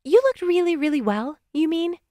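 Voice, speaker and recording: A woman voicing an eager young girl, the older sister, in a high bright voice. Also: animated, moderate pace, no echo, studio quality. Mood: correcting.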